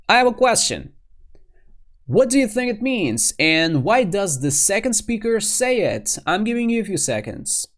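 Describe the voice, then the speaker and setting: Man teaching with a lively, varied pitch. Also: a little slow. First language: Russian. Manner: explains clearly, then acts out short dialogue examples. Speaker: English teacher. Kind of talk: grammar lesson.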